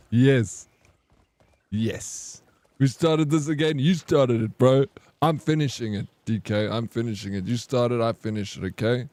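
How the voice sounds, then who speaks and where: A man's voice: mid-range voice, slow, pauses often, a little mellow, no room sound. Playful man streaming a game, dry sound. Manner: playful teasing banter, reads chat aloud. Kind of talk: casual live-stream chat with viewers.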